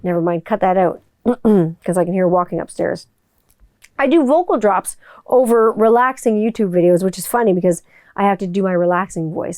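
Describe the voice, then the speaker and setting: A woman's voice: medium pitch, fairly quick, a little mellow, no room sound, studio quality. Candid, profane woman podcast host. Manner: candid and profane, with rambling restarts. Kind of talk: casual solo podcast monologue. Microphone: studio microphone.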